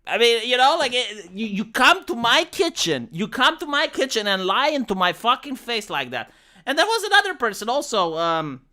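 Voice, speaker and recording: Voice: medium pitch, moderate pace. A streamer with a Romanian accent, ranting bluntly and with plenty of swearing in a casual livestream about leading raids. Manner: blunt, profane, animated ranting. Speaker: streamer and former raid leader.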